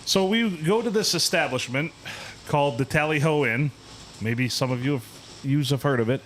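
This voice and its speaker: A man's voice: fairly high pitch, normal speed, fairly bright tone, slight background noise. Ranting, profane man telling a story. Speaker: podcast host. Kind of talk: casual podcast storytelling.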